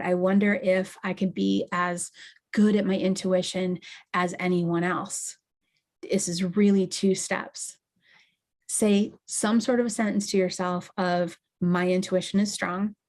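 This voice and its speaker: A woman hosting a podcast as an intuitive medium, giving a slow, deliberate, step-by-step teaching talk to her listeners. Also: medium pitch, a little mellow. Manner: slow, deliberate, emphatic instruction. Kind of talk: guided teaching monologue.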